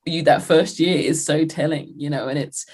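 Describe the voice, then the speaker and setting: A woman's voice: low-pitched, steady tone, moderate pace, a little mellow, breathy edge. A British woman co-hosting, telling stories in a chatty way with many "you know". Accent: British English. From England. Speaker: co-host. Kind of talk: casual video-call chat.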